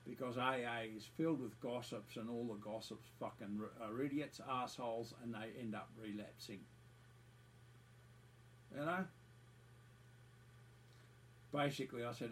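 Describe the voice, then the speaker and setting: Aussie man, mid-pitch, sweary scornful monologue rant, circles back on itself. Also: moderate pace, long pauses, slight background noise, low-quality recording. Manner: profane, repetitive, scornful. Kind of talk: angry ranting monologue.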